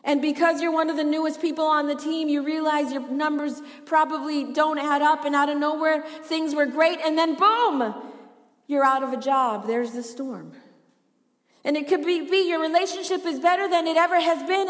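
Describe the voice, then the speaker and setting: Woman, preacher, sermon, chatty, questions the congregation, high voice. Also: steady tone, moderate pace, big-room sound. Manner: chatty, asks the congregation questions, laughs often. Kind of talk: sermon with Bible reading.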